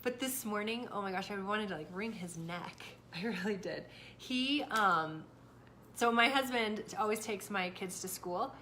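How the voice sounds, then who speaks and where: A woman's voice: mid-range voice, unhurried. A woman in her thirties, a mother and co-host, chatting casually and acting out what she said to her kids. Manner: animated storyteller, acts out yelling and quotes. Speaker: podcast co-host, mother of four. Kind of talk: casual chat. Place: small home with a crock pot running. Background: faint household noise.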